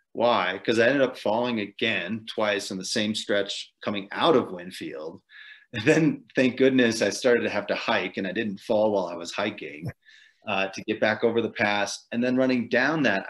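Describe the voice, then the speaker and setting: Laid-back low-voiced man, chuckling storyteller. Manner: chuckles often, loose and rambling with many fillers. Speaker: podcast guest, ultrarunner. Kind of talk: casual storytelling interview.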